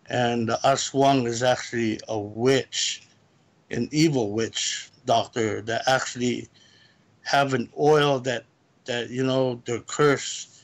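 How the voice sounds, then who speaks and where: A man calling in as a guest, telling a personal story in a rambling, halting way. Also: medium pitch, steady tone. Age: adult, lived in California. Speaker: guest caller. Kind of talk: casual storytelling.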